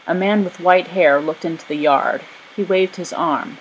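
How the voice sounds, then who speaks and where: A woman narrating a children's story in an expressive reading. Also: low voice, normal speed, few pauses, slight background noise, low-quality recording.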